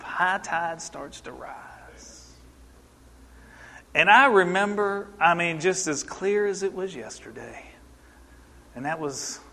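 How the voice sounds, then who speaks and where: Bright-voiced male preacher in a hall. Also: on the high side. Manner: animated storytelling, asks the audience questions. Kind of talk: sermon.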